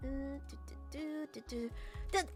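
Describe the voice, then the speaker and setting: A young woman streamer talks to her chat in a loose, teasing way, often dissolving into laughter. Her voice is high and bright and leaps all over the place. Faint music plays behind her. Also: sing-song, normal speed. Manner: giggly, teasing, bursts into loud laughter. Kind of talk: casual livestream chat.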